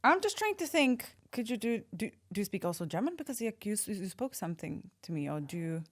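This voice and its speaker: A young woman hosting a casual interview, enthusiastic and quick with exclamations. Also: medium pitch, big pitch swings. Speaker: podcast host.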